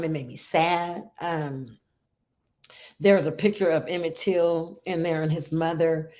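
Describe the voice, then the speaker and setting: A woman's voice: lowish voice, darkish tone. A middle-aged woman hosting a support group for grieving mothers, telling a story in an earnest, emotional way and often checking in with "right?" and "okay?".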